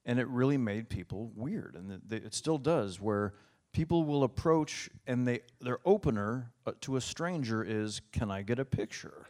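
A man in casual conversation, speaking haltingly with many restarts and dry humor. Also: mid-range voice, lively intonation, a little mellow. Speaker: guest.

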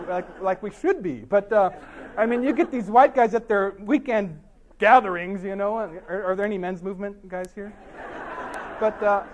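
A man telling a funny story at a talk, with a wry, dry comic delivery, often saying "you know" and restarting his sentences. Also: sits high. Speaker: author giving a talk.

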